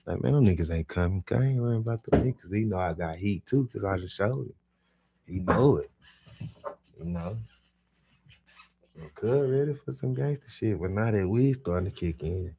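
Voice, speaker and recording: A young man spins a rowdy, profane story in a deep, low register. His voice is husky and a little grainy. He drops to near mutters for asides, then bursts out loud and animated at the big moments. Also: normal speed, long pauses. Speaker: podcast storyteller.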